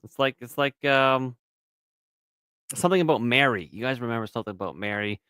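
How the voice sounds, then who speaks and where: A man's voice: mid-range voice, a little fast, sharp tone, smooth, no room sound. A male podcast co-host in loose, profane banter, ribbing his partner and switching into mock voices. His voice sits mid-range and is recorded close and dry, with no room sound. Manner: crude, teasing, swings into mock voices.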